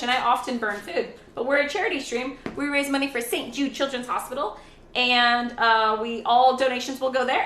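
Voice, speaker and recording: A woman with a bright, somewhat high voice hosts a casual cooking stream from her home kitchen. She rambles cheerfully and greets viewers by reading their chat aloud. The room sounds echoey. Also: slight background noise. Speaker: charity stream host.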